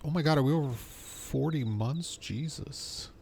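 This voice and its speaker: A man's voice: a little high, a little slow, gravelly, a little mellow, a little hiss or hum. A man casually commenting as he streams a video game, playful and self-mocking as he reacts to the dialogue.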